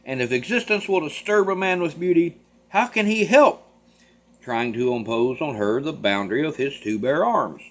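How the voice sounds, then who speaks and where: A man's voice: on the high side, lively intonation, moderate pace, close to an everyday voice. A man doing a brash, boastful young suitor. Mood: grandiose. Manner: loud, grandiose declamation.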